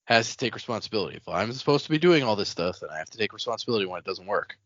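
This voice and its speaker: A man chats on a podcast, joking around and riffing on the characters. His pitch is animated and lively. The sound is dry and dull, with a lo-fi quality. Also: rapid-fire, dry recording. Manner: jokey, playfully voices characters' thoughts. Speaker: podcast co-host. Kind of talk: casual book-discussion chat.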